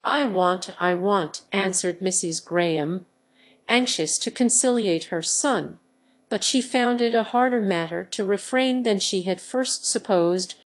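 A woman reading a classic novel aloud as an audiobook narrator, in a slow and even manner. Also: mid-range voice. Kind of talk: scripted narration.

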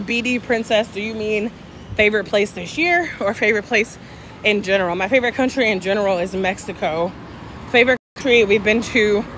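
A woman's voice: mid-range voice, a bit bright, slight background noise. A middle-aged woman from the South, chatting casually with livestream viewers while walking outdoors, joking and answering their comments. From Southern United States. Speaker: travel vlogger. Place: city street outdoors with traffic. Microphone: phone held at arm's length.

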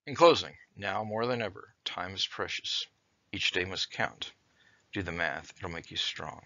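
A man teaching a recorded lesson, explaining assignments in a measured way with occasional hesitations. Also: low-pitched, sharp tone, dry recording, lo-fi sound. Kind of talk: recorded lecture with read-aloud story.

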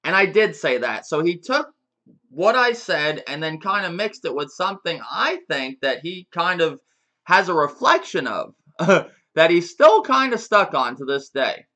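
A man's voice: fairly high pitch, big pitch swings, a little slow, bright, forceful tone. A man giving a casual, profane rant to his viewers as a gaming YouTuber, with frequent chuckles and restarts.

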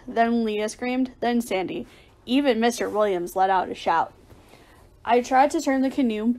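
A woman reading a children's adventure chapter aloud as storybook narration, lively and raising her voice for the shouted lines. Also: a little high. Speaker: audiobook reader.

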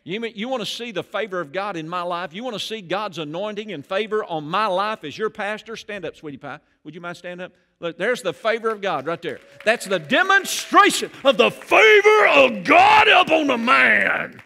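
Man, pastor, bright forceful tone, slightly high pitch, animated preaching. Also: a little fast, hardly any pauses. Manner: animated preaching, rising loud on key phrases. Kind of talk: sermon. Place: church sanctuary.

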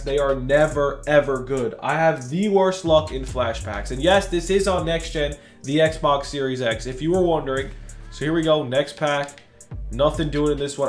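A young man doing casual, excitable commentary for a gaming video, slangy and hyped, jumping between shouting and muttering. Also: fairly high pitch, reverberant. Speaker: gaming YouTuber. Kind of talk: casual pack-opening commentary.

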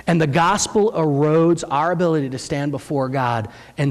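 Animated high-voiced male preacher in a hall. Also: moderate pace. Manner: animated storytelling, acting out quoted voices with rising pitch. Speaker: pastor. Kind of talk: sermon. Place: church sanctuary.

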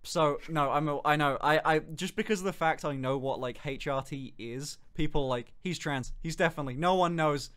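A young man with a Birmingham accent, hosting a casual stream chat, animated and quick to laugh and swear. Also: fairly high pitch, clean tone. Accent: Birmingham English. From England. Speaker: streamer host.

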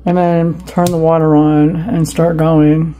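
A woman's voice: sits low, flat delivery, measured pace, dark tone, rough recording. A woman vlogger chatting in a rambling, self-talking way as she cooks in her home kitchen, recorded on a camera and phone on the counter. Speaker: cooking vlogger. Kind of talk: casual cook-along chat.

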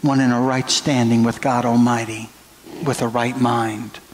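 A middle-aged male pastor delivers a sermon at a slow, unhurried pace, leaning on long, drawn-out phrases. His voice sits at an ordinary middle pitch, and faint room noise runs beneath it. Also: flat delivery, rough recording. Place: church sanctuary.

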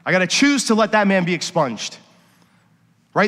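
A middle-aged man, a worship pastor, preaching a sermon and telling personal stories, dropping to quiet confession and rising to emphatic points. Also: high-pitched, very animated, moderate pace, pauses often. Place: church sanctuary. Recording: long reverb of a church hall.

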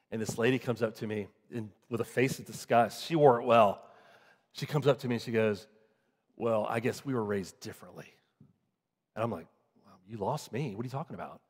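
A male pastor preaching a sermon, swinging from loud emphatic peaks to quiet low asides. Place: church sanctuary. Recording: long hall reverb.

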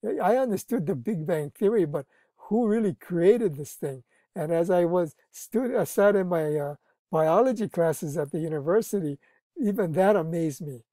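A man's voice: high voice, animated, moderate pace, warm tone, dry recording. A man teaching a Bible study, explaining earnestly, often restarting his sentences and stressing key words.

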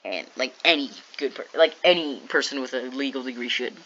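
A woman's voice: a bass voice, fairly quick, a bit bright, dull audio, a little hiss or hum. A woman casually telling a storytime vlog, chatty and jokey, acting out what people said. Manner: chatty, jokey asides, acts out quoted lines. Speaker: storytime vlogger.

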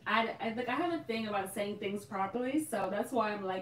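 A woman's voice: medium pitch, fairly quick, hardly any pauses. Bubbly woman hosting a live chat. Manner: bubbly, laughs often, exclaims "oh my gosh". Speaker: host of a live Q&A for a hair care shop. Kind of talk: casual live-stream chat. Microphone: phone. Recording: roomy, from a distance off the mic.

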